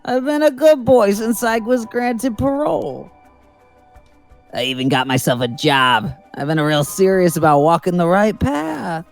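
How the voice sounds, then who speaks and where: A woman's voice: medium pitch, very animated, a little slow, faint music behind. A woman voicing a bitter, vengeful male ex-convict while reading game dialogue, snarling, taunting and swearing. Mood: mock-sincere.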